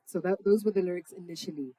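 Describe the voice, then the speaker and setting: A woman's voice: fairly low pitch, fast, mellow, breathy edge, dry recording, rough recording. A young woman, a singer-songwriter, chatting casually and affectionately between songs at a live session, full of slang and swearing. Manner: laid-back, slangy, affectionate, swears freely. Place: parents' backyard, outdoors.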